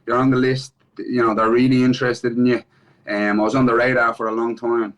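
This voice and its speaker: A man's voice: mid-range voice, flat delivery, brisk, a bit bright, dull audio. A man with an Irish accent, an MMA fighter being interviewed in casual chat, swearing freely and repeating "do you know what I mean" between thoughts.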